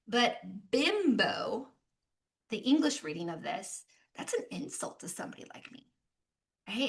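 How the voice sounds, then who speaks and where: A young American woman giving an animated business presentation, mixing practical points with playful travel stories. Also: a little high. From United States. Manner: lively, animated storytelling with playful asides. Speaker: speaker at a business session. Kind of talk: presentation talk.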